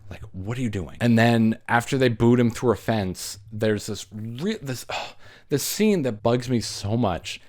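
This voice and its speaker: A man casually recapping a horror movie, animated, acting out the characters and laughing as he goes. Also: mid-range voice. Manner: animated retelling, acts out characters, laughs often. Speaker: movie reviewer.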